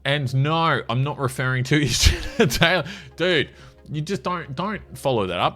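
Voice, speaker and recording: A man's voice: fairly high pitch, very animated, normal speed, pushed and bright. Sarcastic man, faint music. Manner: sarcastic and mocking, laughs often. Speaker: commentator reading social media. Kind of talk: casual commentary on a feed.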